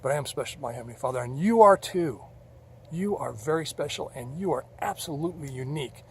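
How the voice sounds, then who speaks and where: Man, earnest storyteller, gravelly and rambling. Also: fairly high pitch, animated, fast, slight background noise. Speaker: vlogger. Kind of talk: personal storytelling.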